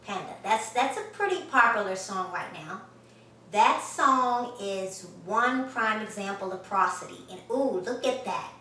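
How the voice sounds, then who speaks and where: A woman's voice: mid-range voice, animated, a little slow, far from the mic, noisy background. A woman giving an online grammar lesson, emphatic and enthusiastic, speaking straight to the viewer. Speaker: grammar teacher. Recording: echoey room, voice from off-mic.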